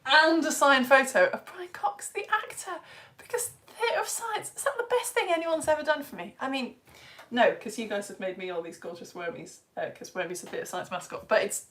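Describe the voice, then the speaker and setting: A woman's voice: high-pitched, fairly bright tone. A young British woman hosting a live children's science lesson, bubbly as she reads out viewers' comments and greets them by name. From United Kingdom. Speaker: science teacher.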